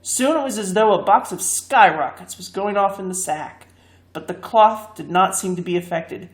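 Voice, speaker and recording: A woman reading a fantasy story aloud, expressive and lively. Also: mid-range voice, moderate pace. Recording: echoey room.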